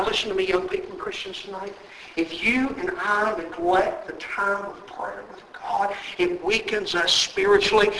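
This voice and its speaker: A man's voice: high voice, fairly bright tone, roomy sound, a little hiss or hum, rough recording. A male preacher delivering an emphatic sermon in a church, exhorting his listeners and repeating key words.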